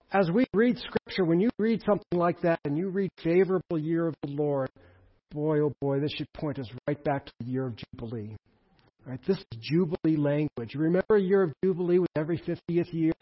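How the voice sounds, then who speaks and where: A man preaching a sermon in an animated way, with emphatic peaks and asides to the congregation. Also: fairly high pitch, lo-fi sound. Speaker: pastor.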